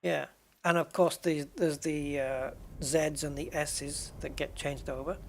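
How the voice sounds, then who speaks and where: Chatty British man, fairly high voice. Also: fairly even intonation, a little slow, gravelly, a little hiss or hum. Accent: British English. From United Kingdom. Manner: rambling, chatty, self-correcting. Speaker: game streamer answering chat. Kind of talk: casual chat while gaming.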